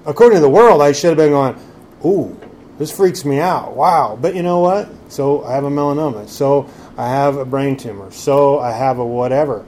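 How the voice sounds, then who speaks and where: A man's voice: medium pitch, brisk, few pauses, a little mellow, a little hiss or hum. A man preaching a sermon in a conversational way, full of rhetorical questions. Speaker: pastor.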